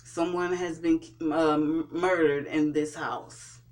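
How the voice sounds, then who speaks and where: Slow-talking youtuber recapping a tv episode, lots of uh and restarts, casual review vibe. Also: medium pitch, little pitch movement, darkish tone. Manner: hesitant, with frequent fillers and restarts. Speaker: TV show reviewer.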